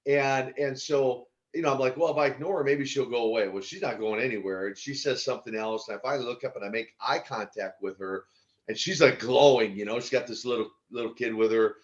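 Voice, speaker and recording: A man in his sixties, a former pro wrestler, telling stories as a podcast guest in an animated way with laughs and restarts. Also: medium pitch, fairly quick. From United States. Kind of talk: casual storytelling interview. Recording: dull lo-fi audio.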